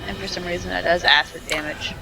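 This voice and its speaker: A woman playing in a tabletop game, talking slowly and hesitantly as she thinks aloud. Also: on the low side, steady tone, bright, forceful tone, faint music behind, rough recording. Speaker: player. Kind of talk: casual tabletop game chat.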